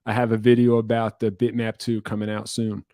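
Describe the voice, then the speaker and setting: Here a music YouTuber fields viewer questions at his computer, rambling casually, breaking into his own sentences with wry humor, and coughing from time to time. His low, dark voice comes out fairly quickly in a completely flat delivery. Captured on a computer webcam setup indoors, the audio is dry and studio grade.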